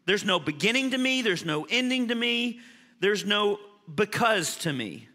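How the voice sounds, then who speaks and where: High, bright-voiced preacher in a hall. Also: male voice, measured pace. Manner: animated preaching, swings from loud emphasis to quiet asides. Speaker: pastor. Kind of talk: sermon.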